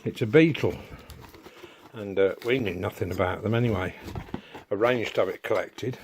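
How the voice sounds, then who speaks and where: A man's voice: on the low side, a little fast, heavy background noise. A middle-aged man, chatting casually in a home workshop vlog and going off on homely asides. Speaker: DIY vlogger.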